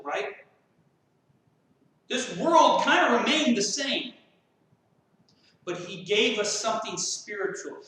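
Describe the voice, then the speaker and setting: A man with a high voice preaches a sermon, impassioned and full of rhetorical questions. He is recorded from well off the mic, so his voice rings through a very echoey church. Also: pushed and bright. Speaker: pastor. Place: church sanctuary. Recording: very echoey room, mic far off.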